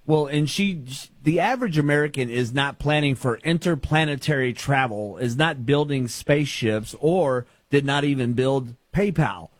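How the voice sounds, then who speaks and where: A man's voice: mid-range voice, dry recording. A man co-hosting a talk radio show, giving opinionated political commentary. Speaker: radio co-host.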